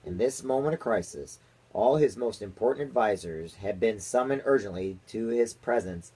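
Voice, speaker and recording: Man, father, reading a children's book aloud, husky voice, steady storytelling, small slips. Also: on the low side, normal speed, rough recording. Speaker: father reading to his daughter.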